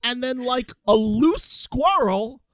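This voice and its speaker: A woman co-hosting a podcast tells stories with animated energy, and her pitch swings widely. The chat is casual and quick. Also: no echo. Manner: animated storytelling, mimics people. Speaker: podcast co-host.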